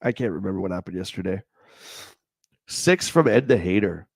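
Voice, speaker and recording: A man's voice: sits low, expressive, moderate pace, creaky, a little mellow, no echo, clean studio sound. Stuffed-up man reading reviews aloud. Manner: rambling, jokey, reads then riffs on the text. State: stuffed-up nasal voice. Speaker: livestream host reading an old gaming magazine.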